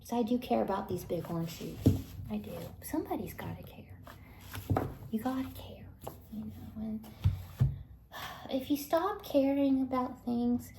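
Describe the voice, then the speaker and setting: Woman vlogger, slow rambling chat, gravelly, drops into whispers, echoey room. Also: on the high side, noisy background. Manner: rambling, many fillers, drifts into soft whispers. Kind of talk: casual monologue. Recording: echoey recording.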